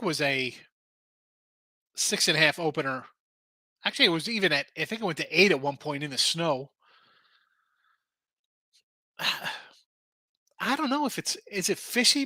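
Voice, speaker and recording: A man hosting a sports betting show, talking through picks in a lively, argumentative way and answering his chat. His voice is bright and sits a little high. The sound is dry and close. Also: dry recording. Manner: animated, argumentative, reads chat comments aloud.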